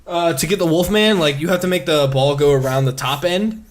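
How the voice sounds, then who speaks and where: A young man co-hosting a podcast in casual chat, excitable and prone to loud imitations of game sounds. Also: a little high, brisk. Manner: excitable, mimics game sounds and voices loudly. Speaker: podcast co-host.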